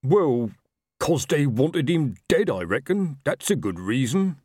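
A man voicing a slow-witted, chatty male troll worker with a rambling, working-class manner. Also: mid-range voice, very animated, a little mellow, slightly rough, dry recording, studio quality, pitched above the performer's own voice, exaggerated voice.

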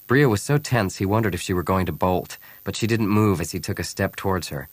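A man reading a novel aloud as scripted narration, calm and even, speaking the characters' lines softly. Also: sits low, moderate pace, few pauses, dry recording. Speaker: audiobook narrator.

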